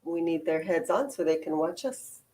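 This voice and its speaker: Cheerful female livestream co-host, animated, expressive pitch. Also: normal speed. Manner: cheerful, chiming in with short replies. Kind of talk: casual livestream chat.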